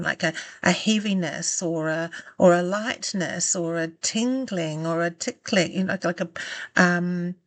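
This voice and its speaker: A woman coaching self-love, giving calm, gentle and encouraging step-by-step guidance that slows down for the exercises. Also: on the low side, no room sound. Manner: calm, gentle and encouraging, slowing down for guided steps. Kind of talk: guided self-help instruction.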